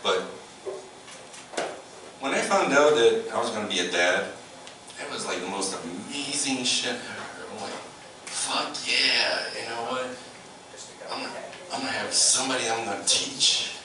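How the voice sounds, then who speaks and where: A man's voice: medium pitch, expressive, normal speed. A man doing a stand-up comedy set, profane and teasing the crowd, acting out voices. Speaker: stand-up comic. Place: comedy club. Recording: echoey club from far off with room noise.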